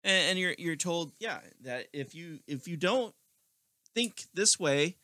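A man's voice: a little high, animated, a little slow, sharp tone, no room sound, clean studio sound. A man co-hosting a podcast, agreeing often and chatting casually, swearing now and then. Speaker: podcast co-host. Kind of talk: casual political chat.

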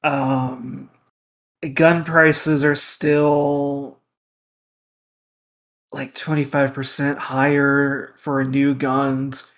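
Podcast co-host guy, slow and measured, just chatting. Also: mid-range voice, flat delivery, fairly bright tone. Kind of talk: casual chat.

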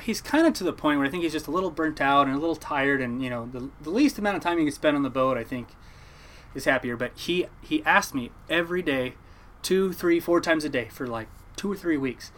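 A young commercial fisherman from the Oregon coast tells a story in a casual interview, his voice fairly high and a little fast. He's an animated storyteller who acts out the voices of the other people in the tale.

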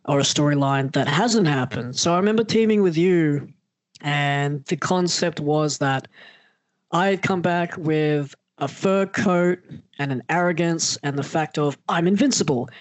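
A man's voice: a little high, no room sound. A man, a wrestler, telling a story in casual talk and acting out the voices he quotes. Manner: animated, acts out quoted voices.

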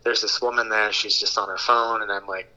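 A man in his thirties, a podcast guest, telling a long story in a casual, animated way and acting out the voices he quotes. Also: lowish voice, brisk, low-quality recording. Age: 30s.

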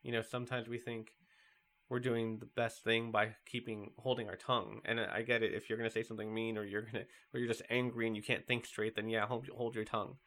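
A man's voice: fairly low pitch, level tone, a little fast, a bit bright. A man giving a conversational sermon, telling stories and making points with casual fillers. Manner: conversational, storytelling with acted quotes.

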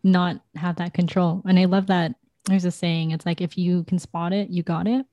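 A woman's voice: lowish voice, level tone, moderate pace, dry recording, dull audio. A woman hosting a casual conversation, affirming and conversational. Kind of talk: casual chat.

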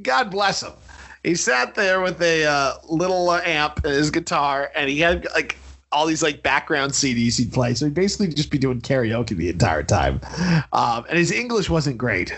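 Laughing guy, husky bright voice, swings all over in pitch. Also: brisk. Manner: laughs often, animated storytelling. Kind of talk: casual chat.

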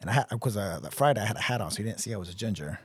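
Husky man telling army stories. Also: fairly low pitch, rapid-fire, dry recording. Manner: profane, animated storyteller acting out quotes. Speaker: podcast co-host. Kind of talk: casual storytelling chat.

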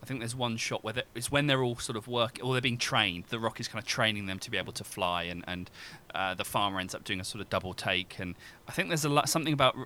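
A man's voice: fairly low pitch, quick pace, few pauses, bright, forceful tone, slight background noise. A man discussing animation as a guest scholar, thinking aloud with many restarts. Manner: rambling, many restarts and fillers. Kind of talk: academic discussion.

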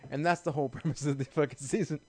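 A man's voice: fairly high pitch, steady tone, quick pace, darkish tone, dry recording. A man chatting casually about cartoons and TV, rambling, swearing often and laughing. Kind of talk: casual podcast chat.

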